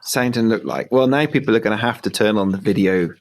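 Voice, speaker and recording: A man's voice: lowish voice, quick pace. A British man co-hosting a podcast, chatting casually with a dry, wry wit. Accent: British English. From Britain. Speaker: podcast co-host. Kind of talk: casual chat.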